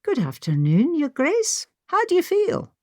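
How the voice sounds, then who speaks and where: A woman's voice: high-pitched, huge pitch swings, measured pace, mellow, no room sound, studio quality, pitched above the performer's own voice, full character voice. Woman voicing a polite, reassuring maid. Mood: solicitous.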